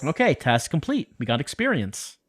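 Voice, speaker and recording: A man streaming a game, reading its text aloud and commenting in a low-key, wry way. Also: huge pitch swings, normal speed, slightly rough, soft background music.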